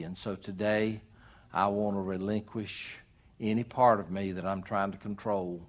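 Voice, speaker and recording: Guy preaching, kinda low voice, gets loud then drops quiet, middle-aged pastor. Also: animated, normal speed. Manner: preaching with sudden loud emphatic rises and drops. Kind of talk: sermon.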